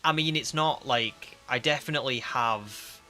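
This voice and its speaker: A young man with a northern English accent and a faint Scouse twang chats loosely with his audience, wandering off mid-sentence. His voice sits at an ordinary middle pitch. Game music plays clearly behind him. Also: unhurried, bright, forceful tone. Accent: northern English with a slight Scouse twang. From northern England. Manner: chatty, rambling, reads viewer comments aloud. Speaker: streamer. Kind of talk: casual live-stream chat.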